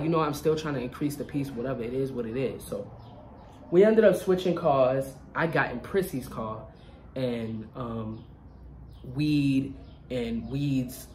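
A young adult vlogger tells a casual storytime in an animated, slangy way, often turning to listeners to check they follow. The voice sits at a middle pitch. A faint hiss runs under the recording.

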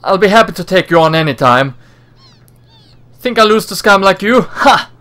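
A man's voice: fairly high pitch, a little slow, sharp tone. A man voicing a brash young woman in a game, talking cocky and teasing with slangy words. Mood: taunting.

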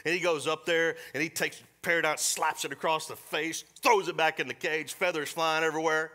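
A middle-aged man preaching a sermon in a church, folksy and storytelling, slipping into quick voiced asides. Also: fairly high pitch, fairly even intonation, pushed and bright. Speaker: pastor. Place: church sanctuary.

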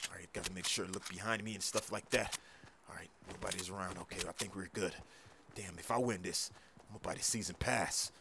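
A man narrating his own gameplay as a melodramatic skit, pepping himself up and swinging between hushed worry and shouting. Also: deep voice, creaky, noisy background. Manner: over-the-top dramatic self pep talk, swinging from hushed to shouting. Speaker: gaming YouTuber. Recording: roomy sound with music behind.

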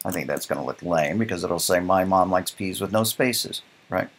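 A man's voice: deep voice, moderate pace. A man teaching a programming lecture while coding live, thinking aloud in a casual way and often checking in with "right?". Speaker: programming instructor.

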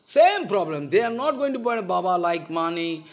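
Male preacher, high voice, lively swinging pitch, emphatic repeats. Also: moderate pace. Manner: emphatic, repeats phrases, broken English. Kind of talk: sermon.

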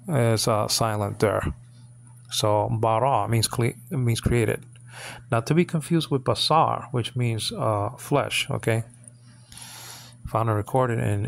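A man's voice: mid-range voice, vocal fry. An American man giving an informal lesson on biblical Hebrew, rambling with lots of fillers, restarts and self-corrections, and often checking in with his listeners. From United States. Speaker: Bible teacher. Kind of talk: informal teaching on Hebrew text.

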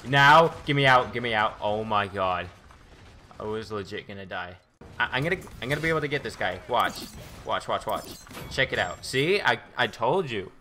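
A man giving excitable, boastful live commentary while playing a video game as a gaming YouTuber. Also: fairly low pitch, moderate pace.

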